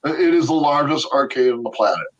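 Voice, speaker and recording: A man's voice: medium pitch, animated, a little fast, recorded from a distance, dull audio. A man telling stories as a podcast interview guest. He laughs often and repeats his words as he goes. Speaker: interview guest, video game artist.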